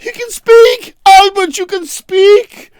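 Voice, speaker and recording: A man's voice: very high voice, normal speed, no echo, studio quality, voice pushed up. A man playing a fretful German parent in a told joke, pleading and exasperated. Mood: astonished.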